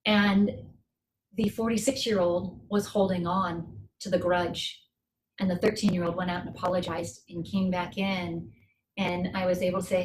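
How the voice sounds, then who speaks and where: A middle-aged woman, a guest speaker on a coaching call, tells a personal story and gives advice. She speaks earnestly and reflectively, slowing down to stress key points. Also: lowish voice, little pitch movement, slight background noise. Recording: roomy echo.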